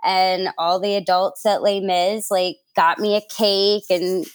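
A woman's voice: mid-range voice, level tone, measured pace, clean tone. A young woman from New York City, a guest telling stories in a casual interview, chatty and laughing, with lots of fillers and acted-out quotes.

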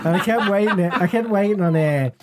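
A man's voice: sits high, brisk. A young man chatting casually on a podcast, rambling through a story and laughing a lot. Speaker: podcast co-host. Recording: noisy background hiss.

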